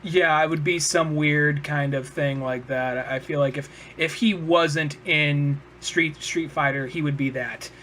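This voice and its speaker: High-voiced man joking on a podcast. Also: steady tone, a little slow, hardly any pauses, fairly bright tone, a little hiss or hum. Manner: joking, swearing, quoting characters in put-on voices. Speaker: podcast co-host. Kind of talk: casual chat.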